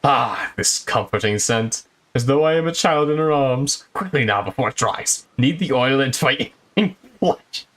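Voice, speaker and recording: A man reading game dialogue aloud in character, voicing a vain, pompous older gentleman inspector in a grandiose, slow, savoring manner. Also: mid-range voice, very animated, heavily acted. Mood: indulgent.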